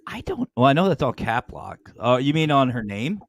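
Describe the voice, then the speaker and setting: A man hosting a podcast in casual chat, joking and swearing freely as he tells animated stories. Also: medium pitch, normal speed, vocal fry, dry recording. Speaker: podcast host.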